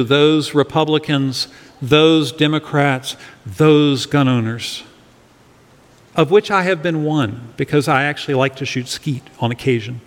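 A man's voice: on the high side, big-room sound. A middle-aged male pastor giving an earnest sermon to his congregation, leading them in reading a verse aloud. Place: church sanctuary.

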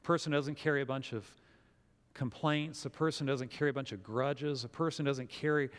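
Animated preacher man in a reverberant hall. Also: medium pitch, brisk. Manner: animated storytelling with acted-out quotes. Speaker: pastor. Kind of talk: sermon.

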